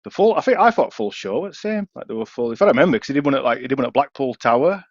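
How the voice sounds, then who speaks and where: A man's voice: medium pitch, expressive, racing, dry recording. A young man with a Yorkshire accent, co-hosting a casual chat and telling a rambling, sweary story. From Yorkshire, England. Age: young adult. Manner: swearing, rambling storyteller, acts out quoted voices. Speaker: podcast co-host. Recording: dull, dry sound.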